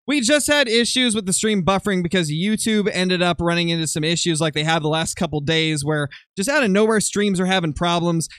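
A young man commentating his hunting game live on stream, excitable and quick to swing into loud frustration. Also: high voice, clear, resonant tone, dry recording, studio quality. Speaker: gaming streamer.

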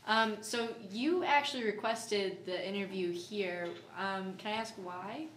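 A woman's voice: medium pitch, a little slow, a bit bright, roomy sound, far from the mic, slight background noise. Hesitant woman interviewer. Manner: hesitant, many fillers.

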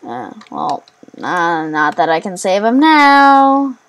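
A woman giving let's play commentary while gaming, excitable, rambling and quick to mock herself. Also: fairly low pitch. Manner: excitable, self-mocking, rambling. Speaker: gamer.

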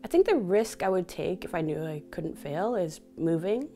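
A woman's voice: lowish voice, lively intonation, normal speed, dark tone, faint music behind. A woman from Vancouver, a DJ and speaker, telling personal stories openly in an interview, often laughing. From Canada (Vancouver). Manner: open, reflective storytelling with frequent laughter.

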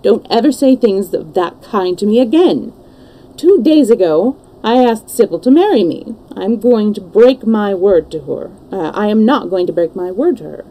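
A woman reading the part of an impulsive, anguished young English gentleman in a storybook, with emotional, pleading delivery. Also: mid-range voice, animated, moderate pace, poor audio. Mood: earnest.

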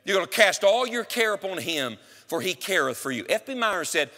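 Emphatic preacher in a reverberant church. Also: male voice, high voice, sing-song, brisk, hardly any pauses, pushed and bright. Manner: emphatic, asks the congregation questions directly. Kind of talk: sermon. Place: church sanctuary.

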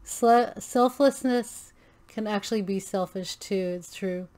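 A woman's voice: medium pitch, takes it slowly, darkish tone, soft background music. A woman hosting a reaction video, gushing and thinking aloud with many restarts and fillers. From Filipino American. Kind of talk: casual reaction commentary.

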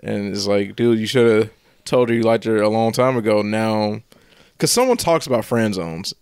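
A man co-hosting a podcast, chatting casually and thinking out loud about a story with some restarts. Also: fairly low pitch, normal speed, smooth, no room sound, studio quality. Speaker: podcast co-host. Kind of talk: casual chat.

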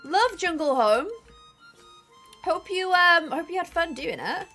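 A high-voiced woman streams a game live and chats with her viewers. Her pitch leaps all over the place as she gushes and exclaims dramatically. Soft game music plays underneath. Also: animated, unhurried. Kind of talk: live gameplay stream chat.

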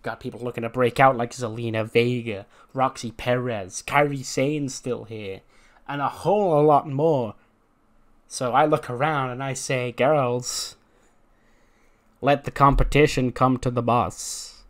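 A man's voice: medium pitch, steady tone, measured pace, close to an everyday voice. A man voicing a boastful female wrestling champion cutting a promo, in his own voice.

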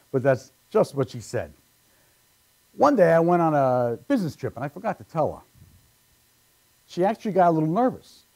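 A man's voice: fairly high pitch, mellow. A man performing stand-up comedy, telling punchy one-liners on a live show.

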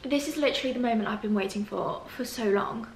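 A young woman vlogs at home, teary and gushing as she talks to the camera. Her fairly high voice has a gravelly edge. The room echoes around her, with a faint hum behind. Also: quick pace. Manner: gushing, breathy and soft-spoken. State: teary, emotional. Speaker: lifestyle vlogger. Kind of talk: tearful reflective vlog chat. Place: empty flat at home, indoors.

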